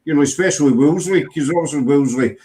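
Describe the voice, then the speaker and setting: A man's voice: fairly high pitch, quick pace, warm tone, a little hiss or hum. A man with a Glaswegian accent hosting a casual chat, rambling and restarting his sentences. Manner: rambling, full of fillers and restarts. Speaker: host.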